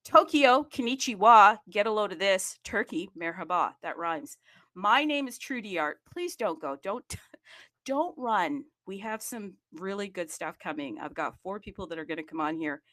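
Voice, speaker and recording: A woman's voice: lowish voice, lively intonation, normal speed, fairly bright tone, dry recording, clean studio sound. A woman hosting a live online audio room in a sassy, playful, bubbly way, hyping up the show.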